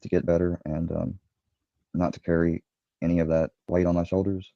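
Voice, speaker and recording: A man's voice: low voice, little pitch movement, normal speed, vocal fry, mellow, no echo. A man hesitantly recounting events, with many ums and restarts, heard from a dull played clip.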